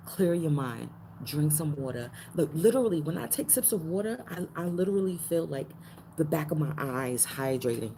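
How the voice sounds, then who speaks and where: A woman with a low voice gives a spiritual card reading in a loose, slangy way, repeating lines as she goes and jumping up in pitch for emphasis. Steady background noise runs beneath her voice. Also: creaky, rough recording. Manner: slangy, repeats phrases, animated pitch jumps. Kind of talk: casual card-reading livestream.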